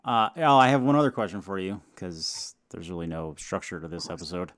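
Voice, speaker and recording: A man's voice: low voice, animated, a bit bright, no room sound, clean studio sound. A man co-hosting a casual football podcast, hesitant and prone to laughing, tired after an illness. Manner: unhurried, laughs often, hesitant. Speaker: podcast co-host. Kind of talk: casual sports chat.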